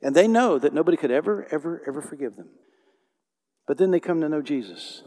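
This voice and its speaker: Male pastor, passionate sermon delivery, hushed-to-loud swings, church reverb. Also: on the high side, animated, brisk. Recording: long hall reverb.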